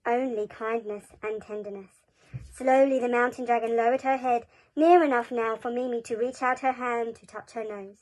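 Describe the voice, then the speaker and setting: Woman gently reading a children's story. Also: a little high, steady tone, normal speed, poor audio. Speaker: school reader. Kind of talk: storybook read-aloud for children.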